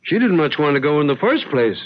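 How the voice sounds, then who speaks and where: An actor playing a stubborn older rural man who talks in a folksy, unhurried drawl in a radio drama. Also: on the high side, sing-song. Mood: grumbling. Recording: dull lo-fi radio recording.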